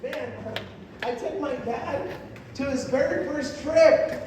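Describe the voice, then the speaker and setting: A man's voice: very high-pitched, slow, darkish tone, slight background noise. A middle-aged man giving an emphatic motivational speech on stage to a large audience and getting the crowd to repeat lines after him. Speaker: motivational speaker. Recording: echoey hall, distant mic, crowd.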